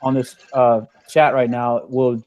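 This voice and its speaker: A man's voice: mid-range voice, level tone, measured pace, dry recording, phone-quality sound. A man speaking thoughtfully and hesitantly, with many fillers, in a casual online group chat. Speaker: chat participant.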